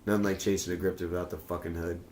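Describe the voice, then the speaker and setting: A man's voice: low-pitched, little pitch movement, rapid-fire, very noisy. A man chatting casually as a podcast guest, telling a rambling story full of swearing and acted-out quotes. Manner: rambling, swears a lot, acts out quoted lines. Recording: roomy echo.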